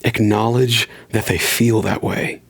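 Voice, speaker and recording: A man's voice: on the low side, fairly even intonation, measured pace, vocal fry, slightly rough. A man hosting a solo podcast, talking in an earnest, conversational way and shifting his pace for emphasis. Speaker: podcast host.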